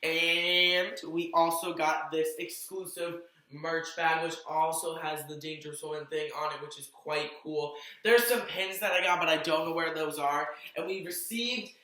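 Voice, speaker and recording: A young man from Massachusetts telling a fan meet-up story in a vlog, gushing with breathless excitement. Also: fairly high pitch, a little slow, few pauses, far from the mic. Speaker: vlogger. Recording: echoey room, off mic.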